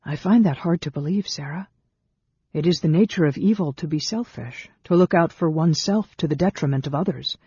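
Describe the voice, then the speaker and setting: Brief: narrator doing a doubtful half-elf warrior, measured and grave, in a dry, dull recording. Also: male voice, on the high side, dark tone, husky, dry recording. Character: grave, troubled half-elf man, middle-aged.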